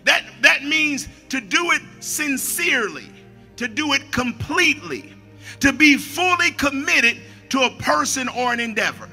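A man preaching a sermon as a pastor, shouting at the peaks, dropping to quiet asides, and repeating his phrases. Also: very high voice, lively intonation, a little slow, creaky, soft background music.

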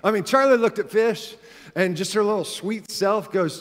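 Here a thirty-something pastor preaches at normal speed, his high voice trailed by long reverb and a little hiss or hum. The sermon moves from earnest, conversational storytelling up to emphatic exhortation.

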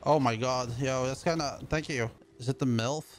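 A male streamer giving live gameplay commentary, loud and excitable with constant swearing. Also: mid-range voice, normal speed, faint music behind.

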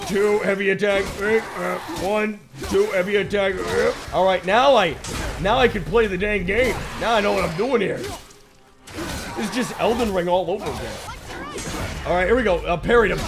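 A young man narrating his playthrough in a high, bright voice. He jokes constantly and talks straight to the characters on screen. Game music plays loudly behind him. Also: normal speed, creaky. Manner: jokey, excitable, talks to the game. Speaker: gaming YouTuber. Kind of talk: playthrough commentary.

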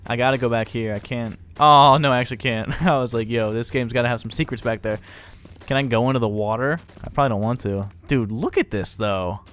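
A young man giving excitable, chatty let's-play commentary, laughing often. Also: medium pitch, a little fast, slight background noise. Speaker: gaming video host.

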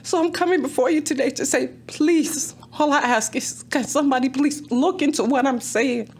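A woman's voice: high voice, normal speed, slight background noise. Emotional woman pleading before a council. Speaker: resident speaking at public comment. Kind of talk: public comment at a town council meeting.

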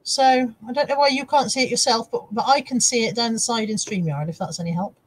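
A woman's voice: fairly high pitch, fairly quick, rough recording. A woman co-hosting a casual live stream, chatty and giggly, reading viewer comments aloud. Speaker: livestream co-host reading chat comments. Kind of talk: casual chat.

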